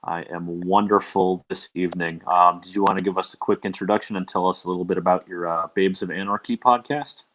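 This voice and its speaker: Young man, very deep voice, podcast host, loose rambling chat. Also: fairly even intonation, fairly quick, hardly any pauses, a bit bright. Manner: loose and rambling, many ums and uhs. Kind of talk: casual livestream podcast chat.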